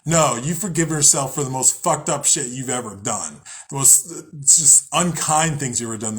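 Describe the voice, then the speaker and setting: A young man hosting a podcast, talking casually and loosely about spirituality, swearing often, laughing at himself and sometimes acting out angry voices. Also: on the high side. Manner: rambling, profane, laughs at himself. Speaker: podcast host.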